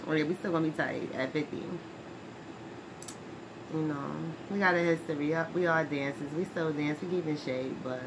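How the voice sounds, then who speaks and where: A woman playing a brash, streetwise former brawler who is touchy about her name, in a comedy skit monologue. She talks in slang, laughs often and keeps asking "right?". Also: low-pitched. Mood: winding down. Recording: noisy background hiss.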